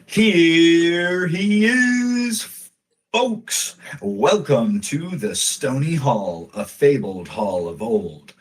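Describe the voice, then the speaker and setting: A man voicing an excitable female bandit who announces wrestlers over a microphone, high and bouncy. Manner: hyper, bouncing ring announcer.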